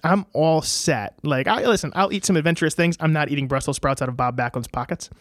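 Animated storytelling man, dry close mic. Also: a little high, fast talker, dry recording. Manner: animated, acts out quoted voices. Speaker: guest telling wrestling stories. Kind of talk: casual podcast storytelling.

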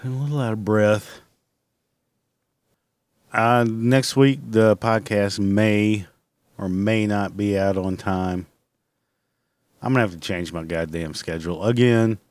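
A man's voice: fairly low pitch, steady tone, takes it slowly, long pauses, a little mellow, no echo. A man hosting his own podcast from home, ranting in a casual, blunt and rambling way with constant swearing. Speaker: podcast host. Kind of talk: casual solo podcast rant.

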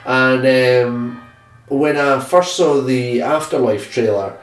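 A man's voice: medium pitch, takes it slowly, soft background music. A man hosting a podcast in casual chat, rambling, laughing often and swearing freely. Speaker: podcast host. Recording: echoey room, distant mic.

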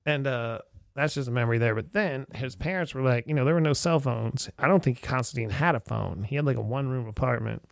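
A man's voice: medium pitch, fairly quick, gravelly, dry recording, clean studio sound. A middle-aged man telling old travel stories in a casual conversation, acting out the voices of the people he quotes and using lots of "like" fillers. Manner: animated storyteller who acts out quoted voices, many "like" fillers. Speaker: podcast guest or host recalling old travels. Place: indoor room shared with a friend.

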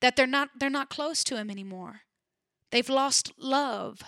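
Woman preaching a sermon, kinda high bright voice, earnest and emphatic. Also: unhurried, no room sound, studio quality. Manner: earnest, emphatic, alternating soft and urgent. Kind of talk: sermon, Bible exposition.

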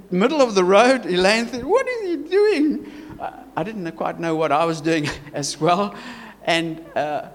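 South African man, pastor, sermon delivery, emphatic with restarts, higher voice, reverberant hall. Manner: earnest, emphatic, stumbling restarts and repetition. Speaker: preacher.

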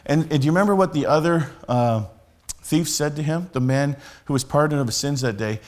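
A man's voice: a little high, fairly quick. A man, a street preacher telling a story and teaching in a conversational sermon style with many restarts.

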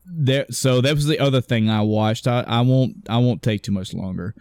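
A man's voice: mid-range voice, moderate pace, a little mellow, smooth, no room sound, studio quality. A man co-hosting a casual podcast chat, rambling and correcting himself as he retells a story, swearing offhand and acting out the characters' lines. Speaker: podcast co-host.

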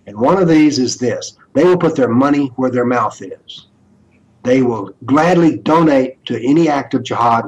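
A man's voice: mid-range voice, highs cut off, slight background noise. An older man speaking as an interview guest, lecturing emphatically and asking rhetorical questions. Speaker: interview guest, author on political Islam.

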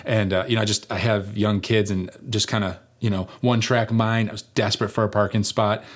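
A middle-aged man preaching, telling a personal story in a conversational, animated way with rhetorical questions. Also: lowish voice, a little fast, few pauses. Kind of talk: sermon storytelling.

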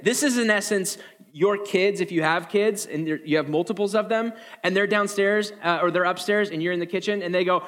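A male pastor delivering a sermon in a lively, joking way, his voice sitting a bit high for a man. He slips into exaggerated voices for the people he quotes, then drops back to plain preaching. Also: brisk. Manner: animated, jokey, acts out quotes in high voices.

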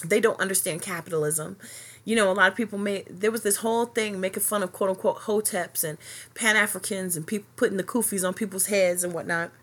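A woman's voice: medium pitch, steady tone, a little fast, fairly bright tone. A woman hosting her own podcast, talking alone in a passionate, profane rant that rambles with many fillers and restarts. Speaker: podcast host. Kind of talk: solo podcast monologue.

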